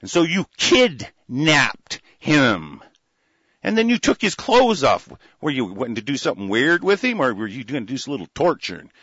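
A man's voice: medium pitch, very animated, moderate pace, fairly bright tone, husky, no echo. A man ranting angrily in a profane commentary, cursing heavily and stumbling over restarts. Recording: dull lo-fi recording.

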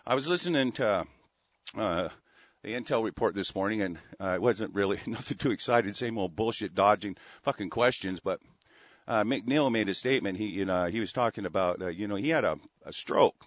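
A man's voice: on the low side, brisk, no room sound. A man hosting a talk radio show, ranting furiously with heavy swearing and many stumbling restarts. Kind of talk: angry call-in radio rant. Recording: dry, dull lo-fi studio sound.

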